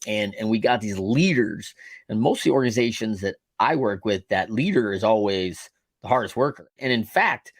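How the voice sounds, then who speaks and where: A man hosting a podcast, talking about leadership in a rambling, animated way with many fillers. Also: lowish voice, no echo. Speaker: podcast host and leadership coach. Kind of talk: casual interview chat.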